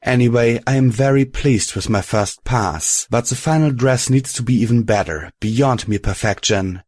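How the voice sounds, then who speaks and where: A man reading the formal written note of a refined mare fashion designer in an audiobook, in a measured, formal way. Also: mid-range voice, darkish tone, dry recording, clean studio sound, close to an everyday voice. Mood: composed.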